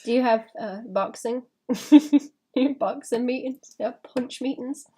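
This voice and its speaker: A woman's voice: fairly high pitch, takes it slowly, mellow, slight background noise. A woman chatting casually while she draws on a live stream, thinking aloud with small laughs and restarts. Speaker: illustrator streaming her drawing.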